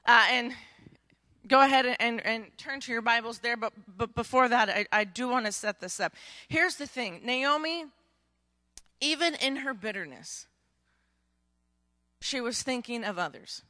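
A woman pastor preaching a sermon in a conversational, joking manner, acting out stories with lively emphasis and frequent restarts. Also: on the high side, measured pace, pauses often, no echo, studio quality. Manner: animated storytelling, acting out quotes with rising volume; frequent word repetitions and restarts.

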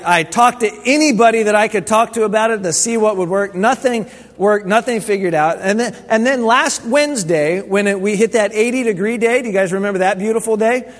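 A man preaching a sermon as pastor, telling stories in a casual, conversational way with frequent restarts. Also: high-pitched. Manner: conversational storytelling, many restarts. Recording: long hall reverb.

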